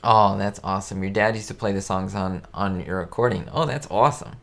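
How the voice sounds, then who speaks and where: Casual male live-stream host, lowish voice, loose and rambling delivery for a facecam chat. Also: a little fast, creaky, a bit bright. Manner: rambling and chatty, many fillers and restarts.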